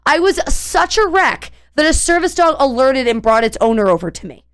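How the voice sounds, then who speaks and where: A woman's voice: high voice, very animated, moderate pace, clean tone. A young woman streamer telling a long story in a casual, rambling way, full of fillers and restarts.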